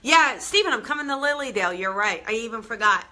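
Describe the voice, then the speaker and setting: A woman's voice: a little high, animated, fast, pushed and bright. A woman hosting a live show, chatting in a bubbly, direct way to her viewers. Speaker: host of a live weekly show. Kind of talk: casual live-stream chat to viewers.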